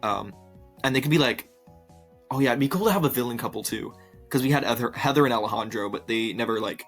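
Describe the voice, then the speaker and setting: A young man of middle pitch rambles through his reactions, laughing often and filling pauses with ums and likes. He sounds a little tired. Faint music plays under his voice. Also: a bit bright. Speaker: YouTuber reacting to viewer opinions. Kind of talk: casual commentary.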